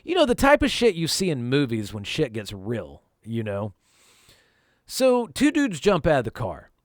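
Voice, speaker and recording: Man from North Carolina telling a lively story. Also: mid-range voice, a little slow, dry recording, clean studio sound. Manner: profane, conversational, emphatic. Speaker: vlog host telling a personal story. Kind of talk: casual storytime narration.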